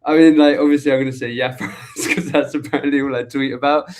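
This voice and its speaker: A man's voice: mid-range voice, fairly even intonation, fast talker, a little mellow. A young English man, a guest in a casual interview, talking loosely with many fillers and laughs. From England. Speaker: guest, agency co-founder.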